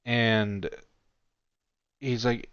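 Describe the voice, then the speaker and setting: A man's voice: medium pitch, flat delivery, extremely slow, a bit bright, clean tone, no room sound, lo-fi sound. A man giving casual commentary on a chat log, mocking and incredulous, and swearing freely.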